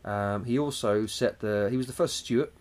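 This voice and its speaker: A man's voice: lowish voice, moderate pace, darkish tone. A man co-hosting a podcast, rambling loosely through a story and swearing casually as he goes. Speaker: podcast co-host. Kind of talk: casual boozy banter.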